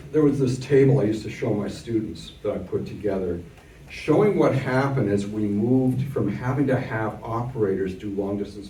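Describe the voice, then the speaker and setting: A man's voice: lowish voice, mellow. An older man giving an economics lecture to adult learners, telling stories from memory in a wry, explanatory way. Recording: echoey room from far off.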